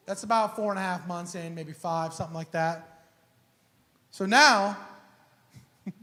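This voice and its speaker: A man preaching a sermon, telling a personal story in an animated, casual way full of slang and acted-out dialogue. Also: sits high. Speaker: pastor. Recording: echoey church hall.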